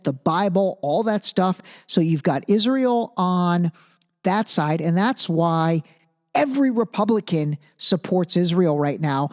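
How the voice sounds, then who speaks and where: A man's voice: high voice, a little mellow. A man hosting a solo podcast, talking casually and thinking aloud, restarting phrases and checking in with the listener. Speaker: podcast host.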